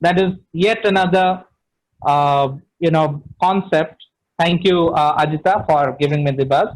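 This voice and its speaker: A man's voice: on the high side, unhurried, low-quality recording. A middle-aged man with an Indian English accent, giving an online training session on speaking, emphatic and full of "you know" fillers.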